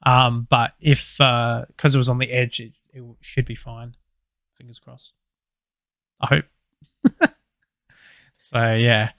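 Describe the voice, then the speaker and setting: Aussie bloke on a podcast rambling thru a work story, swears a lot, mid pitch, dry sound. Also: male voice, little pitch movement, takes it slowly, pauses often, fairly bright tone, no echo. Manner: loose, sweary storytelling with many fillers. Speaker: podcast co-host. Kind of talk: casual chat, storytelling.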